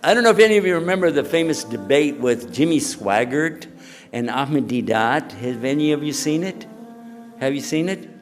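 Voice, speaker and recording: A man preaching in a lively, chatty lecture style, quizzing a live audience as he goes. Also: a little high, moderate pace, faint music behind. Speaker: Islamic preacher.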